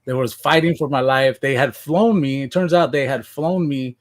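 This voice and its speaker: A man's voice: medium pitch, moderate pace. Podcast guest, male, from Washington State, casual storyteller who acts out his own lines. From Washington State, USA.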